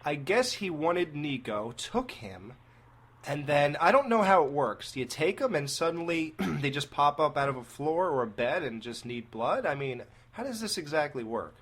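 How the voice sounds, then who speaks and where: Animated man reviewing a horror movie. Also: a little high, normal speed. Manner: animated, laughs at own slips. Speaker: podcast co-host. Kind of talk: casual movie review chat.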